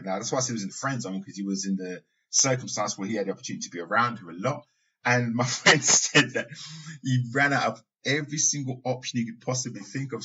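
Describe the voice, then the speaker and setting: Husky-voiced man, casual podcast monologue. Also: medium pitch, bright, forceful tone. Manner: conversational, with asides and occasional laughs. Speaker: podcast host. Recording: dull lo-fi sound.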